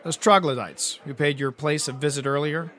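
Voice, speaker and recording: A man's voice: on the high side, fairly even intonation, moderate pace, bright, forceful tone, a faint crowd. A man narrating a first-person hard-boiled detective audiobook, with a wry storytelling delivery.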